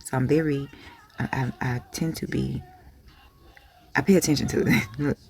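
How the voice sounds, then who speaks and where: A woman giving a candid, emotional motivational talk to her viewers, frank and plain-spoken with hushed asides and casual swearing. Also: extremely low pitch, fairly even intonation, moderate pace, gravelly. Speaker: spiritual vlogger.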